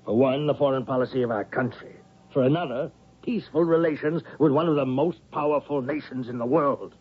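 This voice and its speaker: An actor playing a middle-aged university president who stammers and pressures a professor, in a 1970s radio drama. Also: male voice, medium pitch, brisk, husky, natural voice. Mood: persuasive. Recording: dull vintage radio recording.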